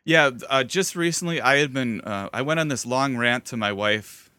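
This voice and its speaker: A young Wisconsin man hosts a loose podcast chat, rambling through his stories and laughing easily. His voice is bright and clear. It sounds dry and close to the mic. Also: medium pitch, moderate pace, dry recording. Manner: laughs often, rambling with restarts. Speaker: podcast host. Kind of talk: casual chat.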